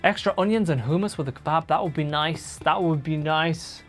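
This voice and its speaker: A woman's voice: low-pitched, normal speed, faint music behind. A woman live-streaming from a home room, chatting casually and reading viewer comments aloud as she answers them.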